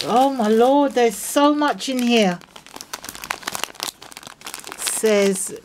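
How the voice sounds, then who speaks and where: Woman, vlogger, high-ish voice, gushing, gasping, faint background noise. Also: very slow, long pauses. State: unwell. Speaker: craft vlogger opening mail from viewers. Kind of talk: casual unboxing vlog.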